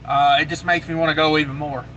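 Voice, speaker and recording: A man chats loosely on a trucking livestream, reading out viewer comments and repeating himself as he goes. His voice sits a bit high and comes across tense and forceful. A faint hum of vehicle noise runs underneath. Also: level tone, quick pace, muffled recording. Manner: laid-back and rambling, with many fillers and repeated phrases. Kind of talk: casual live chat, reading viewer comments aloud.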